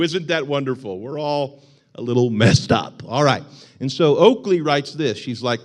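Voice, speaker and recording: A young adult man who is a pastor, preaching a sermon in a church in a joking, animated way. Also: medium pitch, moderate pace. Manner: joking and animated, with laughs and put-on shouts. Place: church sanctuary.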